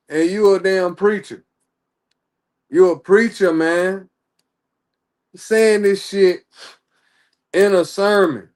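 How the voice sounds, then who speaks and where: A man's voice: high voice, fairly even intonation, slow, long pauses. A man ranting in casual livestream commentary, heated and profane. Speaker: streamer.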